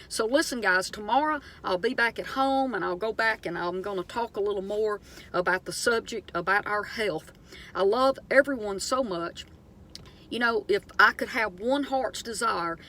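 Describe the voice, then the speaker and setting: A middle-aged woman with a Southern US accent, telling stories and preaching earnestly to her viewers in a casual monologue full of fillers. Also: medium pitch. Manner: earnest, preachy, animated storytelling with many fillers. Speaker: vlogger.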